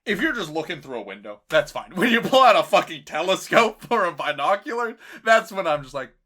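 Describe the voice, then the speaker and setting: A man's voice: sits high, big pitch swings, brisk, sharp tone. A man co-hosting a film podcast, joking and laughing as he recaps episodes. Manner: joking, laughs often, reads notes aloud. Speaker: podcast co-host. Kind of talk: casual film discussion.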